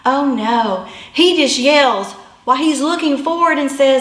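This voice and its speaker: A woman in her fifties with a high voice tells a funny personal story, animated and self-deprecating. The sound bounces around an echoey room. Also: normal speed.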